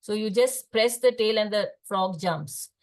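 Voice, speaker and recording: An older woman with an Indian English accent, a speech therapist lecturing fellow clinicians in a hesitant, explanatory way with many pauses and fillers. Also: mid-range voice. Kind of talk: lecture in an online case discussion.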